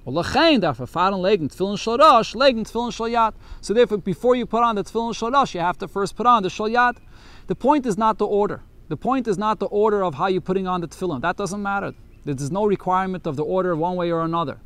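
Man teaching a text lesson, somewhat high. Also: quick pace, fairly bright tone, dry recording. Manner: reads Yiddish text aloud, then explains it in English. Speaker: Torah teacher.

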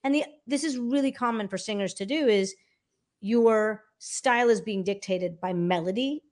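Brief: woman vocal coach, middle pitch, lively and animated, casual interview guest. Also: moderate pace. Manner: animated, demonstrates by singing snippets.

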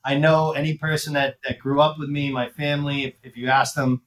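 A man's voice: fairly high pitch, flat delivery, brisk, poor audio. A man from the Boston area talking as a podcast guest, blunt and intense in manner. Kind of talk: casual interview chat.

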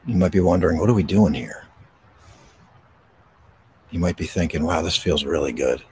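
A man hosting a podcast, guiding a slow, soothing breathing meditation outdoors. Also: low voice, slight background noise. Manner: slow, soothing, calm delivery with pauses. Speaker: podcast host and meditation guide. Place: outdoors in a park. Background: birds.

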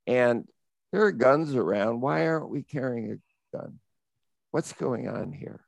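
A man's voice: mid-range voice, a little slow, creaky, no echo. A middle-aged man from the United States, vividly and reflectively telling an adventure story as an interview guest. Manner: vivid, reflective, rising into excitement. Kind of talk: animated adventure anecdote.

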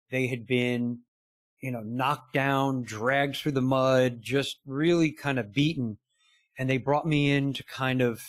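A middle-aged man speaks as a business coach being interviewed, earnest and conversational, acting out quoted lines as he tells his stories. His voice sits in an ordinary middle pitch. The sound is dry, with no room echo. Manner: earnest, storytelling with quoted dialogue and frequent "you know".

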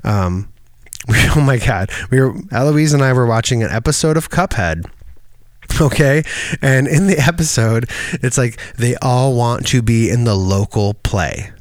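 A man co-hosting a podcast, rambling casually with many fillers and sometimes mimicking people in a high voice. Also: a little slow, dry recording, studio quality. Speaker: podcast co-host, musician. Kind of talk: casual chat.

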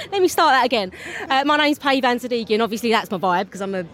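A woman's voice: a little high, brisk, a bit bright. A woman with a Cockney accent, tired straight off stage, chatting as an interview guest in a scattered way and laughing often. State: tired, fried after a show. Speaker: theatre performer and interview guest. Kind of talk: casual interview chat. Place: festival venue straight after a show.

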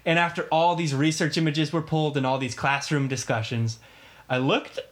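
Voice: mid-range voice, fairly even intonation, normal speed. A young adult podcast co-host chatting casually, giggling often and apologizing with a laugh. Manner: giggly, apologetic, tells anecdotes. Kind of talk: casual chat.

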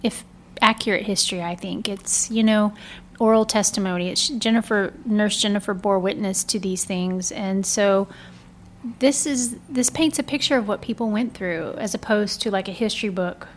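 A woman's voice: medium pitch, moderate pace, a little hiss or hum. A woman talking in a casual book discussion, emphatic and chatty, with many "like"s and "you know"s. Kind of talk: casual book club chat.

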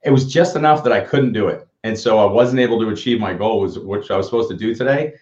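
A man's voice: fairly low pitch, fast talker, darkish tone. A man in his fifties co-hosting a casual livestream chat, telling upbeat motivational stories. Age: 50s. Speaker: co-host. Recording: echoey, dull lo-fi audio.

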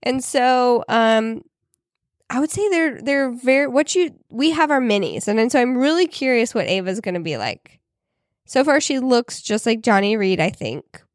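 A woman's voice: a little high, expressive, moderate pace, no room sound, clean studio sound. Chatty woman podcast co-host. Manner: chatty, many fillers like "like". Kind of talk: casual chat.

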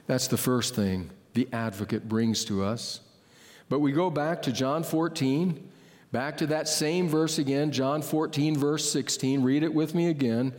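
Male preacher, fairly high voice, earnest and explanatory, in a big reverberant hall. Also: a little mellow. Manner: earnest, slows down to stress key words; explains word meanings in a teaching tone. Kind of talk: sermon. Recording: long reverb of a large hall.

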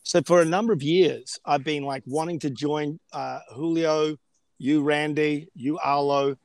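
A man joining a podcast by video call as a guest, excited and upbeat. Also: a little high, a little slow, gravelly, no echo. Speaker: guest panelist.

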